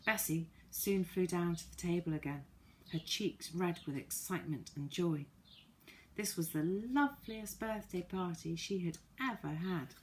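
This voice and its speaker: A woman reading a children's storybook aloud in a calm, even manner. Her voice sits on the lower side for a woman. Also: measured pace, slight background noise. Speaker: audiobook narrator. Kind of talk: scripted children's story narration.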